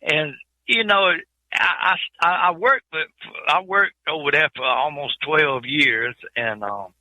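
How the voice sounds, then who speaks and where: A man's voice: on the high side, takes it slowly, bright, forceful tone, dry recording, poor audio. A man telling his trucking life story in an interview, in plain folksy speech with many repeated words.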